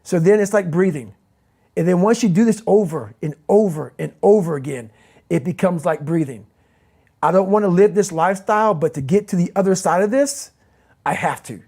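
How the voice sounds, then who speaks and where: A man's voice: sits high, normal speed, dark tone. A man giving a motivational interview as the guest, speaking intensely and emphatically and repeating his key phrases.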